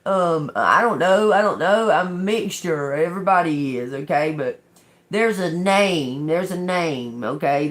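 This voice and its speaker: A woman doing an intuitive tarot reading. She repeats channeled words slowly and quietly, then turns chatty when she explains them to viewers. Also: low voice. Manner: slow, murmured repetition of channeled words. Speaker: tarot reader.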